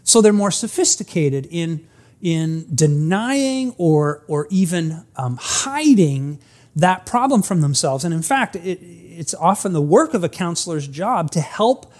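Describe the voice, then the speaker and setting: Pastor preaching, earnest and emphatic, pitch going up and down a lot, slows way down on key words. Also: big pitch swings, a little mellow. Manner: earnest, emphatic, acts out stories; frequent restarts, slows for emphasis. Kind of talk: sermon.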